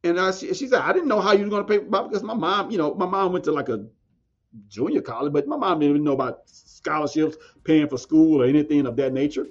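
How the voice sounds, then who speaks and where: A man, a podcast guest telling a story in a casual interview, animated, stammering and restarting, acting out quoted voices. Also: fairly high pitch, quick pace. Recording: dull lo-fi sound, faint music.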